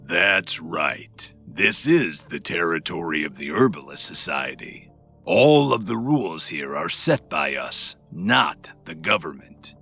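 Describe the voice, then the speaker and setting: Man voicing a middle-aged chief herbalist, hoarse, very deep, forceful, cold and scolding, audiobook. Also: sing-song, slow pace, faint music behind, exaggerated voice. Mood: contemptuous. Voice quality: low and hoarse. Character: stern middle-aged male chief herbalist, arrogant father. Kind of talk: audiobook narration.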